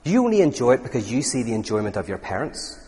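A man tells stories to an audience at a quick pace in this informal lecture, his mid-range voice animated and frequently starting over mid-thought. The recording has a long hall reverb.

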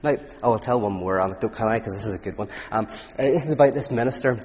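A man's voice: on the low side, fast talker, a little mellow. Guy chatting through a talk, lots of ums and restarts, long hall echo. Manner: conversational, anecdotal, frequent fillers and restarts. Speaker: speaker. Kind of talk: public talk on philosophy and faith. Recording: reverberant hall.

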